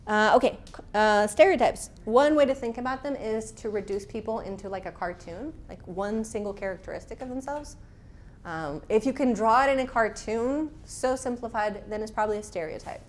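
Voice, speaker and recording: A woman's voice: mid-range voice, a little mellow. A woman instructor leading a class, talking frankly and casually, with personal stories. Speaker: workshop instructor.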